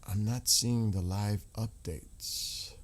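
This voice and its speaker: A man with a low voice hosts a casual livestream. He reads viewer comments aloud and answers them as he searches websites. He talks into a desk microphone. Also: steady tone, takes it slowly. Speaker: livestream host reading chat.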